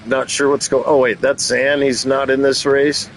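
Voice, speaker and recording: A man's voice: medium pitch, little pitch movement, moderate pace, hardly any pauses, slight background noise, rough recording. A man giving playful play-by-play commentary on a race, mixing calls with teasing jokes. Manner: jokey, teasing asides between race calls. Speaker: race commentator and channel host.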